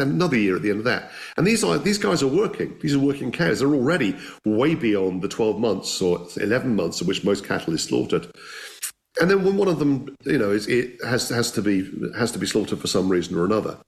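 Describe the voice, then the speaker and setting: A man's voice: fairly low pitch, creaky. A man telling anecdotes as an interview guest, enthusiastic and conversational, often restarting his sentences. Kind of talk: anecdotal storytelling.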